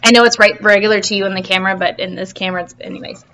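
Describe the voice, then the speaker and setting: A woman's voice: medium pitch, fairly even intonation, very fast, few pauses, sharp tone, a little hiss or hum. A woman teacher reading a storybook to her class over video, playful and full of questions for the kids.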